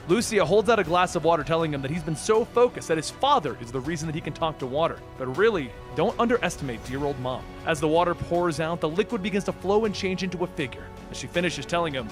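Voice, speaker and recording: A man's voice: a little high, expressive, quick pace, faint music behind. A man narrating a comic book story as a recap storyteller.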